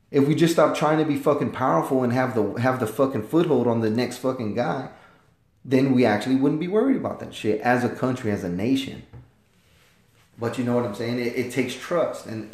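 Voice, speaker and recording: Male podcast host, ex-Marine from the States, mid-pitched, profane and rambling, echoey room. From United States. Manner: profane, rambling, emphatic with loud swings. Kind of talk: casual podcast monologue.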